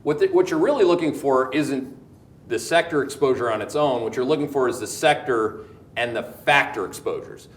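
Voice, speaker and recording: A man with a Canadian accent hosting a market commentary show, talking in an animated, emphatic, joking way that circles back on itself. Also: medium pitch, normal speed, slight background noise. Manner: animated, emphatic, jokey, repeats words. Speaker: host. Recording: echoey room.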